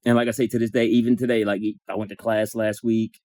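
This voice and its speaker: A man in a support circle telling an emotional personal story, acting out the dialogue in lively bursts and swearing now and then. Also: fairly low pitch, fast talker, no echo, studio quality. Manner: animated, acts out dialogue, swears.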